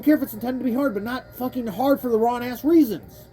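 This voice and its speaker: A woman's voice: on the high side, quick pace, few pauses, mellow. A young woman commenting on a racing game she is playing, ranting with lots of profanity, frustrated and rambling, often breaking off mid-sentence. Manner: frustrated, rambling self-interrupting talk. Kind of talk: let's play commentary. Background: faint game music.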